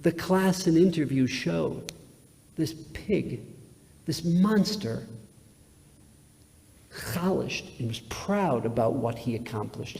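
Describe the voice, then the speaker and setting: A male rabbi with a slightly high, dark voice delivers a sermon in a large synagogue sanctuary, captured on a reverberant live webcast. He tells his story emphatically, repeating himself and swinging dramatically in volume.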